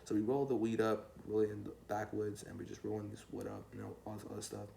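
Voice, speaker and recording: A man's voice: on the low side, flat delivery, quick pace, vocal fry, mellow, slight background noise. A young man telling a rambling, slangy story to his vlog viewers in a laid-back way. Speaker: storytime vlogger. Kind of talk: casual storytelling.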